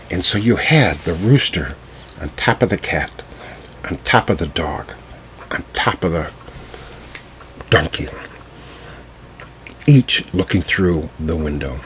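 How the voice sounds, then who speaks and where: Slow, deep-voiced male storyteller. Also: expressive, a bit bright, slight background noise. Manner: unhurried, with fillers and restarts. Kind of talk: told folk tale.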